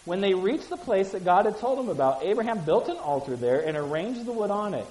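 A woman's voice: medium pitch, very animated, a little fast, dark tone. A woman giving a conversational Bible teaching. She reads scripture aloud with acted voices, then explains it casually, asks listeners questions and repeats key phrases. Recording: echoey room with hiss.

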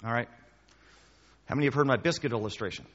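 A man's voice: medium pitch, fast, a bit bright. A male pastor preaching a sermon, chatty and storytelling, firing questions at the congregation and hammering points home by repeating them. His voice carries a long reverb from the hall. The sound is dull and lo-fi. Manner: conversational, quizzing the congregation with questions; storytelling with emphatic repetition.

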